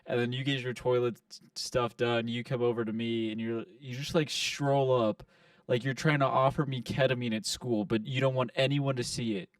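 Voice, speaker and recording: A young male podcast co-host tells loose, rambling stories in a casual chat, swearing and quoting his friends in put-on voices. His mid-range voice has fairly even intonation and a moderate pace. He sits back from the mic in a dry room with no echo.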